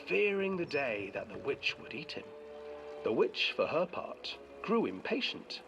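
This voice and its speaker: A voice narrating a dark fairy tale on a horror game's ride, hushed and dramatic, often dropping into a whisper. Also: mid-range voice, big pitch swings, measured pace, vocal fry, dull audio. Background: game music.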